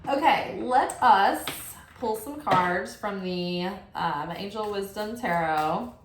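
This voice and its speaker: A woman giving a casual spiritual tarot reading, animated and chatty, full of affirmations and frequent "like". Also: mid-range voice, slow pace, background noise. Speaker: tarot reader. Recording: roomy echo.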